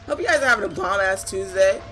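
A woman's voice: medium pitch, lively intonation, quick pace, background noise. A woman giving let's-play commentary, jumpy and swearing, who shrieks when she gets scared. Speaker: gamer.

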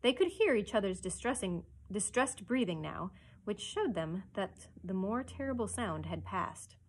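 A woman librarian reading a children's chapter book aloud with expressive storytelling narration. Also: mid-range voice, unhurried, breathy edge.

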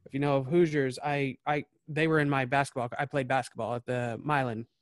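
A man's voice: medium pitch, level tone, fairly quick, no echo. A podcast host from small-town Southern Indiana talks earnestly and at length, circling back on his words. His mid-range male voice is recorded dry, with no room sound. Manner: earnest, rambling. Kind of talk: casual podcast chat.

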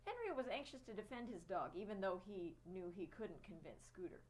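Woman, storyteller, children's book read-aloud, expressive, lively pitch. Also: brisk, a little hiss or hum, rough recording.

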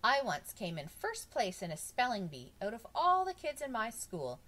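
A woman voicing a carefree, proud homeless man in a storybook reading, speaking in a lively, matter-of-fact way. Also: medium pitch, moderate pace, voice pushed up. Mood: easygoing. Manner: matter-of-fact, bursts into shouting. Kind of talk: storybook read-aloud.

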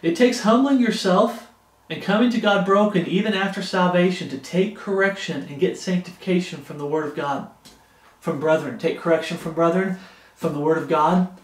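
High-voiced preacher man in an echoey room. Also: moderate pace. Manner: earnest, pleading preaching. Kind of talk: sermon.

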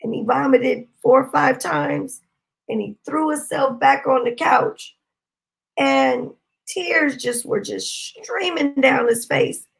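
A woman preaching a sermon, telling a testimony with impassioned shouting bursts. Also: high-pitched, slow pace, gravelly. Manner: impassioned, shouting bursts, Southern-style speech.

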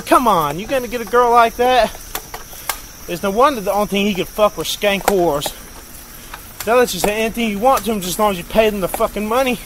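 This is a man with a high-set voice who talks in a blunt, rambling, profane way. He is recorded from inside a car at night. Crickets and road noise sit clearly under his voice. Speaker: vlogger. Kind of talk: casual profane rant while driving around.

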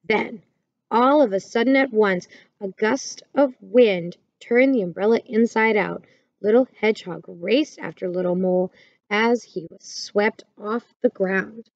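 A woman reading a children's picture book aloud in a gentle, clear storytelling manner. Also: mid-range voice, measured pace, dry recording, dull audio.

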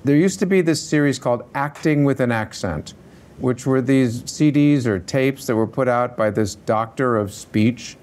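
A middle-aged man who teaches acting, talking through a workshop Q&A in an animated, conversational way and swearing casually. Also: medium pitch, normal speed. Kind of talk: workshop Q&A talk.

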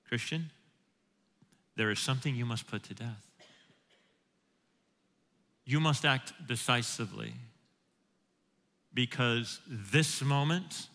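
A man's voice: mid-range voice, pushed and bright. A man preaching a sermon as pastor, emphatic, quoting scripture and putting questions to the congregation. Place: church sanctuary. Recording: church hall with long reverb.

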